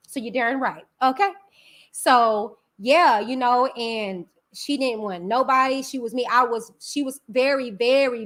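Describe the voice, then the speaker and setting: A woman whose voice is on the high side and a bit bright hosts her channel's live stream. She addresses her viewers as y'all, speaking openly and forcefully.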